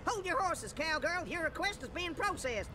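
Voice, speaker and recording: Casting: folksy robot cowboy crow, very high voice, steady noise behind. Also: female voice, normal speed. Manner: twangy folksy cowboy slang.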